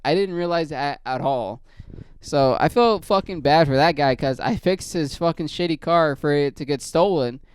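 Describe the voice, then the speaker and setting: A man casually telling a rambling, profane story as a podcast host, in a low-key way. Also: smooth, no echo, clean studio sound.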